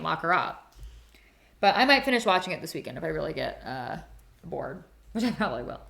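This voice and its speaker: A woman's voice: lowish voice, a bit bright. A young woman chatting casually to viewers while doing her skincare on a livestream, giggly and reacting to comments. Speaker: beauty livestream host.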